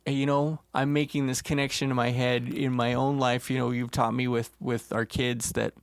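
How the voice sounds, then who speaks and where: A man co-hosting a podcast, talking earnestly and haltingly about painful experiences, close to tears and repeating words as he gathers his thoughts. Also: medium pitch, flat delivery, vocal fry, clear, resonant tone, no room sound. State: tearful. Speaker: podcast co-host. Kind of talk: emotional casual conversation.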